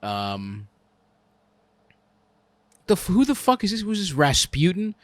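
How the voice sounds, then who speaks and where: A man's voice: high-pitched, huge pitch swings, slow, no room sound. A man hosting a comedy advice show, ranting crudely and laughing at his own jokes on a close mic.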